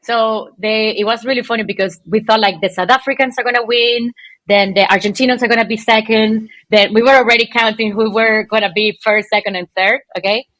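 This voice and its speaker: A woman's voice: a little high, a little fast, no echo. Chatty woman, dry sound. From Venezuela. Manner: animated, chatty, lots of "like" and "okay". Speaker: guest, pole dance champion. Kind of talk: casual interview storytelling.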